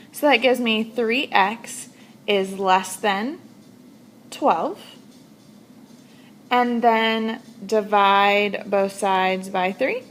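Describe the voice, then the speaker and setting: A woman's voice: fairly high pitch, fairly bright tone, a little hiss or hum. A woman teaching a recorded math lesson, stressing key words as she works through examples.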